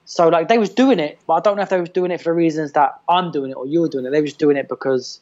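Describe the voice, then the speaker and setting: A man talking as a fitness trainer in a casual podcast chat, loose and animated, full of restarts and "like". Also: on the high side, quick pace, muffled recording.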